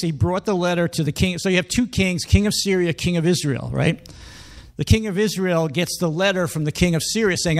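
A man preaching a sermon in a conversational, emphatic way, reading scripture and acting out quoted speech. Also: high-pitched.

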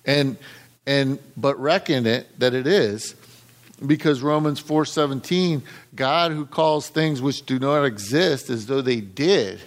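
A man's voice: mid-range voice, slow pace. A middle-aged man preaching a conversational sermon, often repeating words and quoting scripture. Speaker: pastor.

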